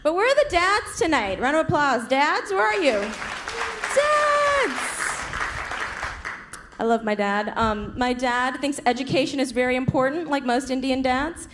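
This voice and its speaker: A young woman performing a stand-up comedy set on a club stage, punchy and quick. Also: high voice, a bit bright, a faint crowd. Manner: punchy, quick impressions of her parents. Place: comedy club stage before a laughing crowd. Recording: noisy live club recording.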